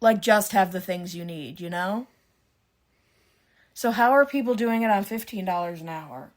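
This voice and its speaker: A Canadian woman co-hosting a podcast in casual chat, chatty and excitable, quick to gasp and laugh. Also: mid-range voice. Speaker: podcast co-host.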